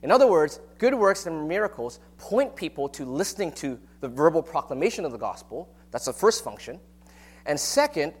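A man preaching a sermon on a Bible passage in a relaxed, conversational teaching manner, with frequent rhetorical questions. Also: a little high, brisk, husky. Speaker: pastor.

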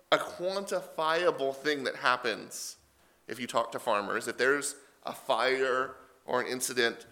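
Gravelly, bright-voiced male preacher. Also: mid-range voice. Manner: animated, retelling scripture in casual paraphrase. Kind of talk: sermon.

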